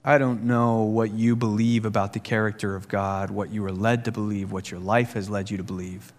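A man's voice: on the low side, fairly quick. Earnest preacher man in a reverberant hall. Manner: earnest, with rhetorical questions, growing animated in stories. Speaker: pastor. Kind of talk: sermon.

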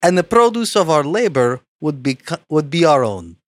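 A man's voice: a little high, big pitch swings, normal speed, no echo. Man putting on a rousing old boar. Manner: mock Russian-style accent, speech-making. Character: old male boar rousing animals to revolt. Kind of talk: comic read-aloud.

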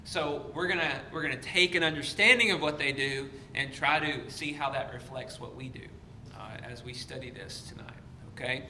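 A man's voice: mid-range voice, moderate pace, bright, forceful tone. A man teaching an evening Bible study in a conversational way, with many fillers and restarts. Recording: echoey room with faint noise.

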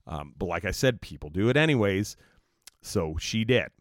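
A man's voice: low-pitched, lively intonation, moderate pace, no echo, clean studio sound. A man hosting his own podcast, telling a story in a rambling, casual way with lots of fillers and swearing. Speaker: podcast host.

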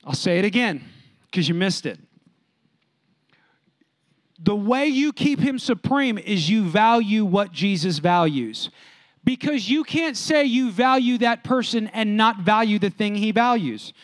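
A male pastor with a high-pitched voice delivering an emphatic sermon. He repeats his points and calls out to the congregation. The sound is dry and close. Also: lively intonation, measured pace, dry recording.

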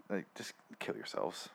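A man hosting a casual podcast chat, retelling a scene with lots of swearing and laughter. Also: slow pace. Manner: profane, laughing, animated storytelling. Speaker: podcast host.

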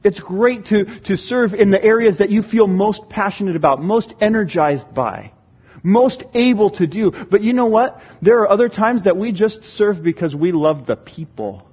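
A man preaching a sermon as pastor, animated, acting out church members' voices. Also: high-pitched, normal speed, slightly rough, muffled recording.

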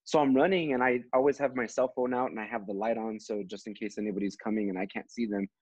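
A man's voice: lowish voice, fairly even intonation, fast, a little mellow, husky, no room sound, poor audio. A man who is a teacher and co-hosts a podcast, telling a story in casual chat with many fillers and restarts.

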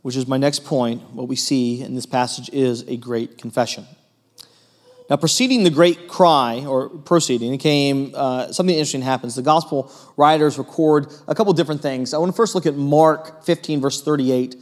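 A man preaching a sermon in an earnest way, moving between emphatic stretches and hushed ones, with frequent fillers. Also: medium pitch, moderate pace. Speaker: pastor.

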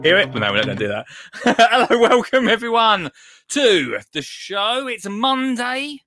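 A man's voice: sits high, big pitch swings, a little slow, pushed and bright, dry recording, faint music behind. A British man chats through a live gardening stream from a home studio, his voice rising and falling a lot as he jokes at his own expense. The sound is close and dry, with no room around it. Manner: chatty, self-mocking, restarts a lot. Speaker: gardening show host. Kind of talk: casual live-stream chat.

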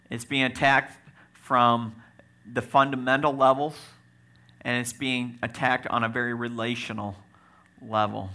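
Animated pastor with a gravelly bright voice. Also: male voice, mid-range voice. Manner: animated preaching with swings from loud to quiet and joking asides. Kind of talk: sermon.

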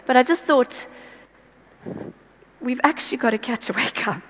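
A woman's voice: high voice, expressive, normal speed, a little hiss or hum. A woman preaching a conversational sermon. She exhorts earnestly, drifts into chatty asides, and her voice is tiring. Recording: long hall reverb.

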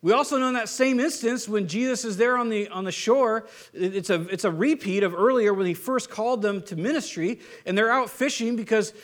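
A man preaching a casual, joking sermon as a pastor, with animated delivery and frequent restarts. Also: high voice, a little fast, few pauses. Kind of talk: conversational Bible teaching sermon.

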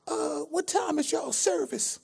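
A man's voice: very high voice, a little slow, gravelly, a little mellow, pitched above the performer's own voice, exaggerated voice. A man voicing a syrupy, persistent woman prank caller who sounds like a church lady, drawling and sing-song. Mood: innocent.

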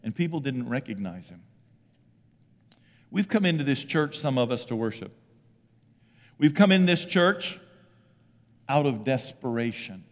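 A middle-aged man preaching a lively sermon as pastor, often breaking into loud acted voices. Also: mid-range voice, a little slow, pauses often, big-room sound. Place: church sanctuary.

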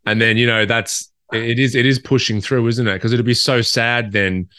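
A man's voice: mid-range voice, steady tone, moderate pace, sharp tone, clear, resonant tone, dry recording, studio quality. A man co-hosting a casual podcast chat, reflective and thoughtful. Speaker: podcast co-host.

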